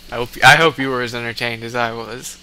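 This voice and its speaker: A man giving casual let's play commentary, reading out game commands and laughing often. His voice is mid-pitched and very bright. Faint noise sits behind him. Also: steady tone, fast talker. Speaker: gamer.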